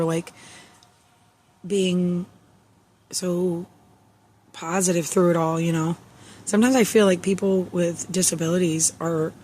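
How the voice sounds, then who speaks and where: A woman giving a casual spiritual tarot reading, soft-spoken and reassuring, with many fillers, sometimes reading passages aloud. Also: on the low side, slight background noise. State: emotional, near tears. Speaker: tarot reader.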